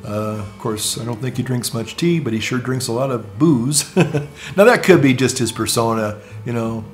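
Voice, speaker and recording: A man vlogging in a casual, rambling monologue, with halting restarts, asides and chuckles at his own jokes. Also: mid-range voice, faint music behind.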